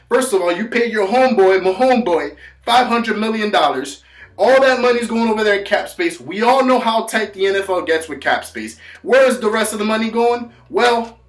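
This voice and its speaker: In an echoey room, a man with a high-sitting voice launches into a solo football rant for his vlog. Profane and insulting, he curses nonstop, pounding his points with rapid, forceful repetition.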